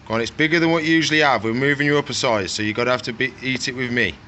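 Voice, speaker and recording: A man's voice: mid-range voice, racing, sharp tone, a little hiss or hum. Chatty man coaxing reptiles at feeding. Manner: coaxing and scolding the animals in a chatty, playful way. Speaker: reptile keeper feeding his animals. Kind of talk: casual vlog narration while working.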